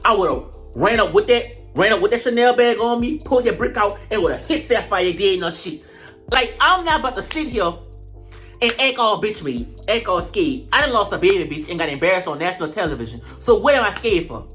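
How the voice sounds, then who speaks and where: This reality show critic talks casually to camera, cursing often and acting out scenes with big theatrical energy. The voice is medium in pitch and moves a little quickly, with faint music underneath.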